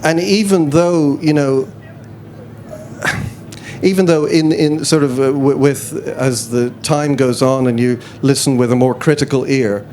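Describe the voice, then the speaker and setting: A male musician answers questions in a live chat tent, wandering through his stories with fillers and restarts. His pitch is average, and a faint noise floor sits under the voice. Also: steady tone, a little slow, darkish tone. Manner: rambling, self-deprecating, hesitant with many fillers. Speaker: interview guest, musician. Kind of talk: casual live stage chat. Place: festival chat tent before an audience.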